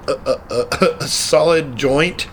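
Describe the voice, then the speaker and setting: A laid-back man co-hosting a podcast, drawling along at a very slow pace and laughing often. His voice sits a little high, and he drops a "dude" here and there. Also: a little hiss or hum. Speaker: podcast co-host. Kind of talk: casual chat.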